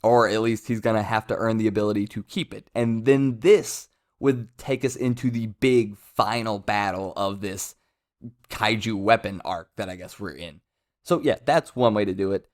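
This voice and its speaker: A man's voice: fairly low pitch, moderate pace. A man giving casual commentary as a manga reviewer, rambling with self-interruptions and amused asides.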